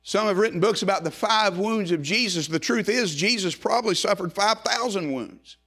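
Dramatic preaching man, fairly high voice. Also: moderate pace, breathy edge. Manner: dramatic, swings between loud calls and hushed low phrases; repeats phrases in rising cadence. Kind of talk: sermon.

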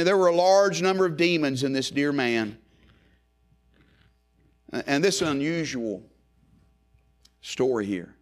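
Unhurried and leaving long pauses, a preacher swings from loud rising calls to hushed low phrases, his repeated lines building in cadence.

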